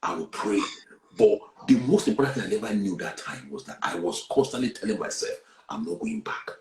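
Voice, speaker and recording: A man tells a personal testimony, earnest and animated, dropping to a hush and then rising loud. His voice sits a little low. The room around him gives back a noticeable echo. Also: brisk, a crowd in the background. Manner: earnest, animated, swings between hushed and loud. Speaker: guest sharing a personal testimony. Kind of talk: candid testimony on a talk show.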